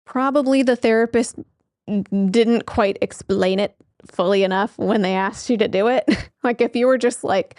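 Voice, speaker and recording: A woman's voice: a little high, moderate pace, darkish tone, dry recording, studio quality. A woman therapist in her thirties talking casually to camera, chatty with frequent laughs and fillers. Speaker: therapist and show host. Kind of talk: casual explanatory talk to camera.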